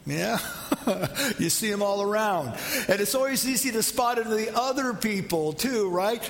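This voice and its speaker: Pastor, male, high voice, chatty sermon style, long hall reverb. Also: lively intonation, moderate pace, a little hiss or hum. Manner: conversational, asks the congregation questions.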